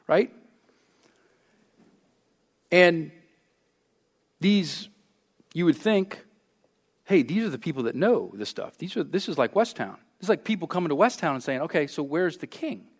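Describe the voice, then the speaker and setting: A man preaching a sermon as pastor, conversational and animated, often asking the congregation rhetorical questions. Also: a little high.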